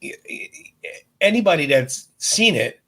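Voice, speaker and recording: A man's voice: a little high, sing-song, a little slow, bright, forceful tone, husky. A man co-hosting a podcast in casual chat, recounting pop-culture references with amused asides. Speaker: podcast co-host.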